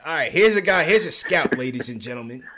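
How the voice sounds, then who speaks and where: A male podcast host with a slightly high voice talks in a loose, slangy way. He restarts often and keeps repeating his phrases as he takes calls. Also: expressive, fast talker, fairly bright tone, a little hiss or hum. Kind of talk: casual talk show chat.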